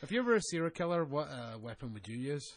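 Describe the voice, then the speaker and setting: A man's voice: fairly high pitch, sing-song, quick pace. A man co-hosting a wrestling podcast, joking, swearing and laughing often in casual banter.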